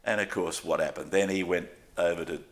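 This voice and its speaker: An older Australian man, a sports broadcaster, telling stories in a candid, self-deprecating way during a relaxed interview. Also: sits low, fairly quick.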